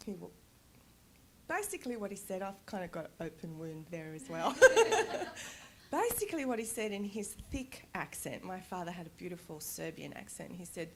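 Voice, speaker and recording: A middle-aged woman giving a conference talk, telling personal stories in a candid, animated way and laughing often. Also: fairly low pitch, normal speed, vocal fry, slight background noise. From Australia. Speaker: conference speaker. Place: conference stage.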